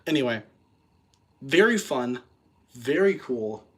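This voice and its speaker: A man's voice: mid-range voice, expressive, takes it slowly, a bit bright. A man hosting a casual show-and-tell vlog, rambling and self-correcting, with a self-deprecating, nerdy enthusiasm. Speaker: video host.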